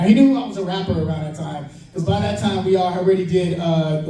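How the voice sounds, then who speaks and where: A man from Chicago, a panel guest actor, telling stories at a comic con Q&A, animated and laughing, with loud shout-outs. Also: high-pitched. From Chicago, United States. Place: large convention hall. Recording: echoey hall, taped from far off.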